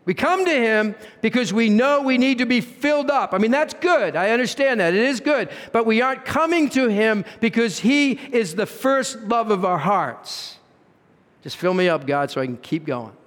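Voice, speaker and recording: A man's voice: very high voice, animated, normal speed, fairly bright tone. A man preaching a sermon as pastor, earnest, with rhetorical questions and swings in emphasis. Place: church sanctuary. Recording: reverberant church hall.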